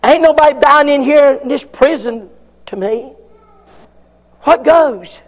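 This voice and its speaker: A man's voice: very high voice, unhurried, long reverb tail, pitched above the performer's own voice, low-quality recording. A preacher doing a jailed man pleading with God. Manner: complaining, stammering.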